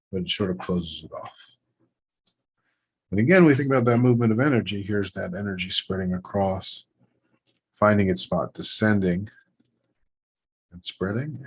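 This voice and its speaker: A man with a deep, slightly husky voice leads a hands-on lettering lesson. He narrates each stroke as he draws, in short phrases that trail off and pick back up. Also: low-quality recording. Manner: thinking aloud while drawing letters, short trailing phrases. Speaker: Hebrew lettering teacher. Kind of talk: relaxed instructional demonstration.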